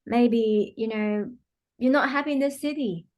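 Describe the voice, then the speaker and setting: A woman's voice: on the high side, unhurried, darkish tone. A woman guest, a healing practitioner, explaining her work earnestly with frequent fillers. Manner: earnest, many "you know" fillers, acts out quotes. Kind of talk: explanatory interview talk.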